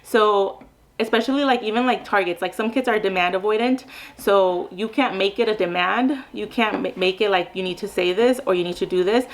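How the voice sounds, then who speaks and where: A woman's voice: mid-range voice, a little fast, poor audio. A young woman, a mom and speech therapist, giving casual advice in a chatty way with many fillers.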